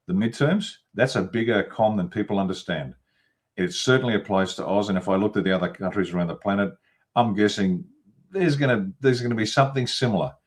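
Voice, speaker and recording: A man, giving blunt political commentary as an interview guest over a video call, piling up long emphatic lists. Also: sits low. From Australia.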